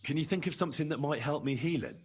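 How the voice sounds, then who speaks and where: A man voicing a young healer who speaks calmly and bargains shrewdly. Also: fairly high pitch, fast talker, background noise, close to an everyday voice. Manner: calm, persuasive, shrewd.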